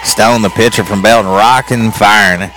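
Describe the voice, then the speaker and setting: A man calling a softball game play by play on a live broadcast, getting excited and climbing in pitch on big plays. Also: some chatter behind. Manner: rapid excited calls, pitch jumps high on big plays. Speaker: play-by-play announcer.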